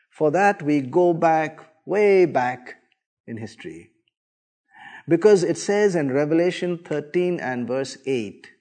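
A man preacher giving a sermon, telling the story dramatically with big swings from soft to loud. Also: fairly high pitch.

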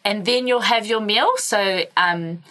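A woman's voice: mid-range voice, slow, sharp tone. A young woman from New Zealand, co-hosting a casual chat podcast and telling stories with lots of fillers and laughter. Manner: chatty storyteller, many fillers, laughs often. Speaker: podcast co-host.

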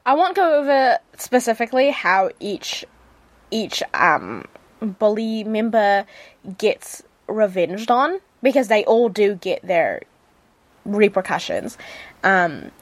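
A woman's voice: mid-range voice, big pitch swings, slow pace, no room sound. A woman with a New Zealand accent hosting a radio show, reviewing a drama in a chatty, gushing way with many fillers and restarts. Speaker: radio host. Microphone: studio mic.

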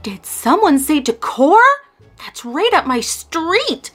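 A woman's voice: high-pitched, very animated, slow, faint music behind, voice pushed up, exaggerated voice. A woman voicing a cheerful, friendly little pumpkin boy in a storybook, eager and bubbly.

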